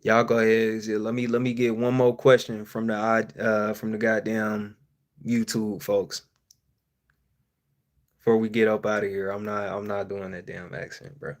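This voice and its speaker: A man's voice: lowish voice, moderate pace. Profane joking man hosting a live-stream. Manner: profane, joking, laughs often, animated swings in loudness. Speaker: streamer host.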